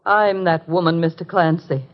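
A woman's voice: on the low side, steady tone, normal speed, lightly acted. An actress playing a desperate, tense middle-aged mother. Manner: pleading, tense, earnest. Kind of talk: 1950s radio drama acting. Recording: muffled 1950s radio broadcast.

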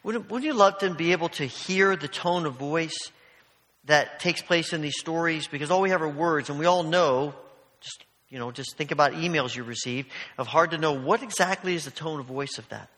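A man's voice: on the high side, moderate pace, a bit bright. A man preaching a sermon in a church, telling stories in a conversational way full of asides. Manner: storytelling, conversational, many asides. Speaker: pastor. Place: church sanctuary. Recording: long hall reverb.

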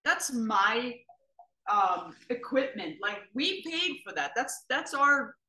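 Bright-voiced woman recounting a story. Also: fairly high pitch, takes it slowly, echoey room. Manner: expressive, quotes herself. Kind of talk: storytelling in casual conversation.

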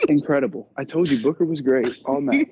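A man co-hosting a podcast, talking in an animated, incredulous way as he recaps a wrestling match. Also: on the high side, normal speed, breathy edge. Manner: animated, incredulous, laughs while telling. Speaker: podcast co-host. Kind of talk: casual wrestling recap chat. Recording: dull lo-fi.

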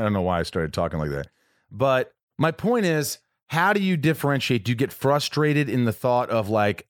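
A man in his forties chatting as a podcast host, with a voice that rises and falls a lot. He tells stories about himself with a self-mocking, animated manner. The sound is dry and close. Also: mid-range voice, normal speed, dry recording. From United States. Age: 40s. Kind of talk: casual chat.

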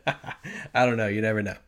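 A man with a lowish voice speaks at a normal speed, co-hosting a sports podcast. He sounds relaxed, says "like" a lot, and laughs easily in casual chat.

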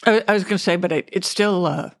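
Gravelly woman, hesitant guest. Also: on the low side, fast talker, no echo, studio quality. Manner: hesitant, many fillers and restarts, candid. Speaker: actress and memoir author, guest. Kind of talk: interview, recounting memories.

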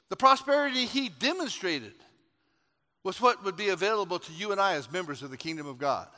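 A man preaching a sermon. He tells a folksy story and builds up to shouted exhortations. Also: very high voice. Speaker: pastor. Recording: long hall reverb.

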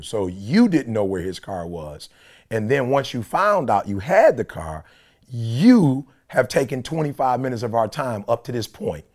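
A man's voice: mid-range voice, unhurried. A man co-hosting a podcast, telling a long story in casual chat and acting out the people in it. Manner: animated, quoting people in dialogue. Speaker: podcast co-host. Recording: conference call.

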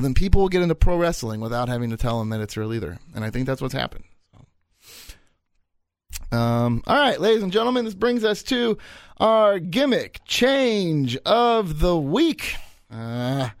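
A man in his thirties hosting a solo podcast, talking in an animated, rambling way and repeating his points for effect. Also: high-pitched, no echo. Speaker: podcast host.

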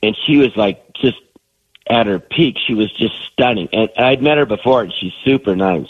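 A man's voice: on the low side, moderate pace, slightly rough, no echo, narrow, tinny audio. Phlegmy middle-aged man with a cold. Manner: rambling storyteller, self-deprecating. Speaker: comedian guest. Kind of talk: casual chat.

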